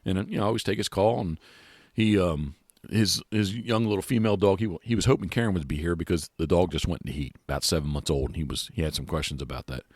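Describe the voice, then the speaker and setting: Deep-voiced man, rambling podcast host. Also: fast, no echo, clean studio sound. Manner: rambling, many restarts and fillers. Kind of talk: casual chat. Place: outdoors.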